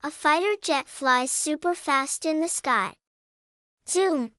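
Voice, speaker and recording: A woman narrating a scripted vocabulary lesson for young children, spelling words out slowly and adding playful sound words. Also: sits high, no room sound, clean studio sound. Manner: slow, even spelling-out with cheerful sound words. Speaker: vocabulary teacher.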